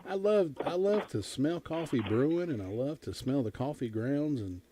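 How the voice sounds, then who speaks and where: A middle-aged man hosting a small-town morning radio show, folksy and full of jokes. His pitch swings around a lot as he chats, with a faint hum of ambience behind him. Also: expressive, normal speed, warm tone. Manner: folksy, joking, chatty. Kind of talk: casual radio chat. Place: radio studio.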